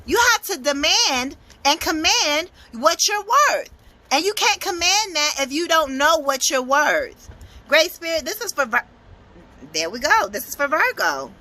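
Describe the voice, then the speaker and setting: Young woman, high bright voice, blunt and swearing, preaching self-worth as a tarot reader. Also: big pitch swings, a little slow. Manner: emphatic, profane, preachy. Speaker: motivational speaker and tarot reader. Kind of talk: blunt motivational tarot talk.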